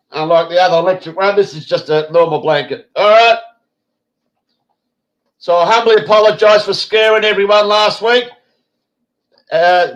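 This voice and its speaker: A man's voice: sits high, lo-fi sound. A man hosting a live-stream chat, rambling and swearing casually. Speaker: host.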